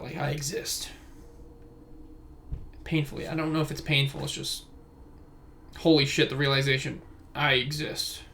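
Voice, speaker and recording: Speaking fairly high and a bit brightly, this twenty-something guy runs a laid-back one-man podcast from his room at home. He records it on a phone and wanders into tangents as he rambles, with a little noise in the background.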